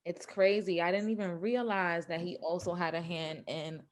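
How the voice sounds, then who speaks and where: A woman from New York interviewing a guest, chatty and quick to laugh. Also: on the low side, steady tone, slight background noise. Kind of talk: casual interview chat.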